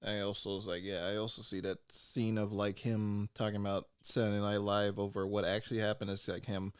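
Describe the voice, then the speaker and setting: A man co-hosting a podcast who chimes in with relaxed, casual remarks about a film. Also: on the low side, fairly quick, smooth, dry recording, clean studio sound. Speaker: podcast co-host.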